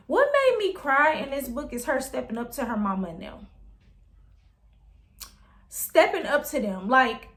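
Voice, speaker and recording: A young adult woman chatting about books in a casual review vlog, animated and emphatic. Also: high-pitched, normal speed. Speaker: book reviewer.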